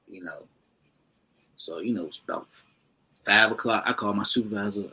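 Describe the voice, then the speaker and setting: A man's voice: lowish voice, moderate pace, long pauses, husky, rough recording. A man, a comedian guest, casually telling a story about his start and acting out the people he quotes. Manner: animated storyteller, acts out quotes.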